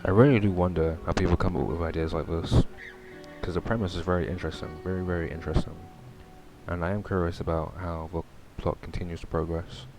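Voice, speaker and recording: A young man with a very low voice reads a horror game aloud and chats between lines. His talk is loose and rambling. Game music plays under him. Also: steady tone, fast. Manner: casual, rambling, full of fillers. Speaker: streamer. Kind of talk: casual gameplay commentary and reading aloud.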